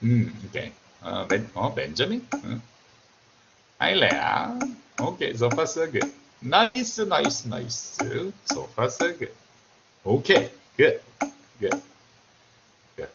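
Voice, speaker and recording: A man with a Korean accent, a native Korean speaker, giving a remote university lecture in a joking, animated way and often repeating himself. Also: mid-range voice, takes it slowly, creaky, pauses often, muffled recording, background noise.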